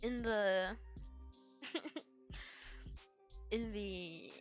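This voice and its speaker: A woman's voice: mid-range voice, very slow, faint music behind. A woman streamer chatting casually and rambling. She is tired and yawning, giggles often, and uses lots of fillers. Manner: giggly, filler-heavy, meandering. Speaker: VTuber streamer.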